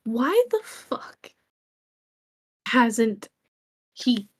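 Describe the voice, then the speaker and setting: Woman player voicing a grieving, agitated young man; mutters and rants, drawn-out delivery. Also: high-pitched, wildly swooping pitch, darkish tone, voice pushed up, full character voice. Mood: ranting. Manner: mutters and rants under his breath.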